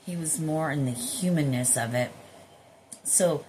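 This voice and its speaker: Low-voiced woman musing with swearing. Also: measured pace, warm tone, slight background noise. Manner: rambling, swears freely. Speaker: spiritual healer vlogger. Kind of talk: casual spiritual musing to camera.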